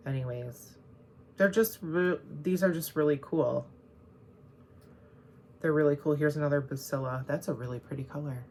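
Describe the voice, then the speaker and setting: A woman with a low, gravelly voice talks through her craft supplies in a loose, rambling way, often stopping to correct herself. A faint hiss sits under her voice on a close camera mic at home. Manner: chatty, rambling, self-correcting. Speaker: cross-stitch vlogger. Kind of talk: casual show-and-tell chat.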